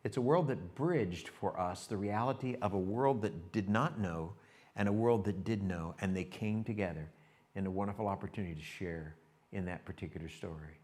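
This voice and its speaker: A man's voice: deep voice, normal speed. Male pastor telling a sermon story. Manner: animated storytelling, shifts to hushed reflection; talks directly to the congregation.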